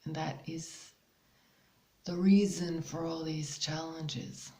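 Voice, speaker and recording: A woman hosting a spiritual channel, talking slowly and hesitantly with many pauses and fillers. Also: sits low, steady tone, reverberant. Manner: slow, hesitant, with many ums and soft laughs. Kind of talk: casual spiritual guidance monologue.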